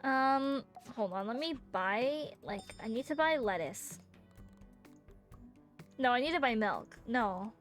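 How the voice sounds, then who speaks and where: A woman streamer giving casual, animated commentary while she plays, laughing and fixing her own slips as she goes. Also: on the high side, slow pace, long pauses, faint music behind.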